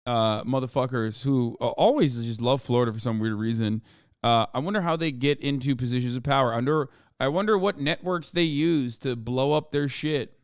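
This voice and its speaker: A man's voice: mid-range voice, moderate pace, clear, resonant tone, dry recording, studio quality. A man streaming casual commentary as he reacts to news clips, sarcastic and profane.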